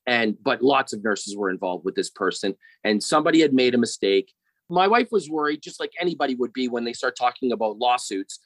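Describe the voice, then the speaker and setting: A man's voice: medium pitch, a bit bright, no room sound, low-quality recording. A middle-aged man telling a personal story as a podcast guest, rambling and often checking in with "right?".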